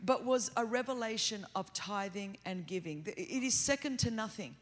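A middle-aged woman with an Australian accent, preaching a sermon as a guest in a church, talking hard, fast and without pause. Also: mid-range voice. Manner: fast, energetic, continuous delivery. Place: large church auditorium. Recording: long hall reverb.

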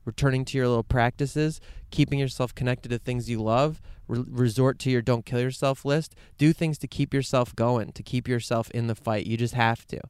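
A man with a smooth, resonant voice rambles earnestly in an outdoor vlog. He swears freely, drifts between hushed musing and fired-up rants, and sits in a quiet meadow with a dry, close sound. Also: mid-range voice, no echo. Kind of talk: casual outdoor vlog monologue.

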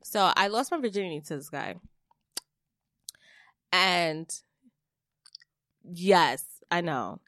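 A young adult woman on a podcast, telling a personal story in blunt, swearing, animated casual chat. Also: lowish voice, takes it slowly, pauses often, dry recording, studio quality. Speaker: podcast co-host.

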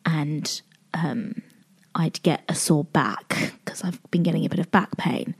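A woman's voice: low voice, measured pace, vocal fry, husky, whispered. A woman with a British accent hosting her own podcast, speaking openly and emotionally in a confessional way. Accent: British English. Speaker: podcast host. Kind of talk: candid solo podcast talk.

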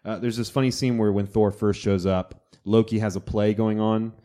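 Co-host, male, mellow dark voice, lively storyteller who acts out lines. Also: on the low side, moderate pace. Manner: animated storyteller, acts out quotes in funny voices. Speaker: podcast co-host. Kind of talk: casual chat.

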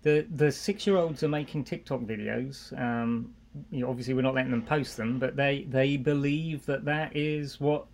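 Middle-aged English-born guest, easygoing storyteller, mid-pitched voice. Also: male voice, moderate pace. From England. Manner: relaxed, anecdotal storytelling. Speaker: guest, marketing executive. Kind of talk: casual interview chat.

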